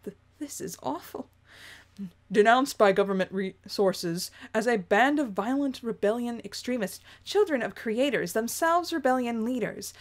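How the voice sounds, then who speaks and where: A woman putting on a pompous male news reporter with a brisk, formal on-air delivery. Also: on the high side, lively intonation.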